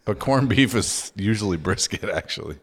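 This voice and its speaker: Man, very low voice, rambling, hedging, casual podcast chat. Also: animated, moderate pace. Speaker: podcast co-host.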